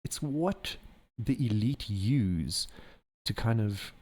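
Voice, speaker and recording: A man's voice: on the low side, lively intonation, slow pace, darkish tone. A man hosting a podcast, talking off the cuff in a rambling way with frequent laughs and self-corrections. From not American. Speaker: podcast host. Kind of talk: off-the-cuff conspiracy podcast monologue.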